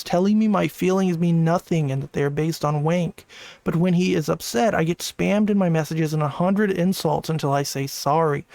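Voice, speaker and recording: A man's voice: fairly high pitch, gravelly, a little mellow, no room sound. A man reading out screenshots and adding casual commentary as a channel host. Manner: casual, conversational asides. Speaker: commentary YouTuber.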